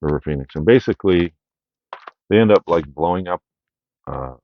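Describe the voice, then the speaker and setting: A man's voice: low voice, lively intonation, normal speed, slight background noise. A man hosting a casual media haul video, rambling through his picks with lots of fillers and "right?" check-ins. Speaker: media collection haul host. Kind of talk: casual unscripted video review. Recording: dry, dull lo-fi sound.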